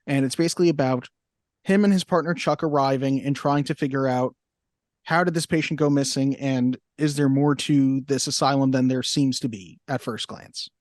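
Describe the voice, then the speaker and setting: A man's voice: medium pitch, moderate pace, darkish tone, no echo, studio quality. A man co-hosting a film podcast, speaking casually with wry, teasing asides. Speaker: podcast co-host. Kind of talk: casual chat.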